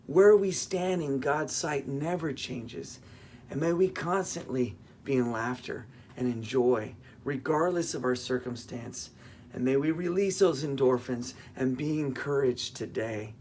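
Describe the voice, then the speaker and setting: A man's voice: mid-range voice, measured pace, darkish tone, a little hiss or hum. A man, a pastor, giving a casual devotional and telling a humorous everyday story with fillers and self-corrections.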